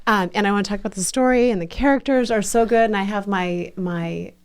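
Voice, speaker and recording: A woman's voice: mid-range voice, brisk, clear, resonant tone. A woman hosting a podcast in casual chat, effusive and chatty, often restarting her sentences. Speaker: podcast host.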